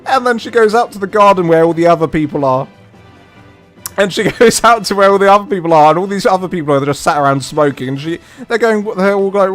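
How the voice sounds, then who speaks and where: A British man streaming a game and telling a rambling story, animated and full of restarts and asides. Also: sits high, fast, faint music behind. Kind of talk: casual storytelling on a livestream.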